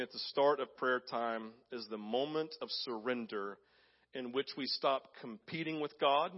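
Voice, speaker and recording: A man preaching a sermon as pastor, animated, acting out voices, sometimes dropping to a hushed tone. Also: medium pitch, dull audio. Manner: animated, acts out voices in quotes; drops to soft, hushed tones for emphasis.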